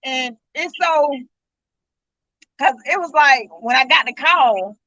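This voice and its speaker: Middle-aged woman, grieving mother's account, high and sharp, dry muffled lo-fi audio. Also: slow, no echo. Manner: earnest, speaks in vivid retold dialogue. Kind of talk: emotional personal account.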